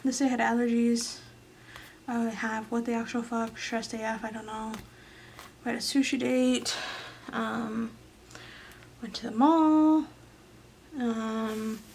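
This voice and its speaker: A woman's voice: on the high side, vocal fry, a little mellow, a little hiss or hum. A tired young woman casually rambling through her planner as a vlogger, with lots of fillers and some whispered asides. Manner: rambling, filler-heavy, often trails into whispers. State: tired, yawning late at night. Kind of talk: casual chatty voice-over. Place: home, late at night.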